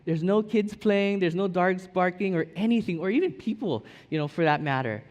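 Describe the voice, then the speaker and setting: A male pastor in his thirties preaches in a relaxed, rambling storyteller's way, stumbling over his words now and then. His voice sits a little high for a man and carries a long reverb off the hall walls. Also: moderate pace. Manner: casual, storytelling with many fillers and restarts. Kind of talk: sermon. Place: church sanctuary.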